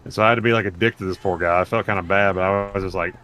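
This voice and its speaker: A man's voice: low-pitched, fairly even intonation, racing, crowd noise. A man chatting casually with friends over voice chat while gaming, telling rambling, profane stories. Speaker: gamer in voice chat.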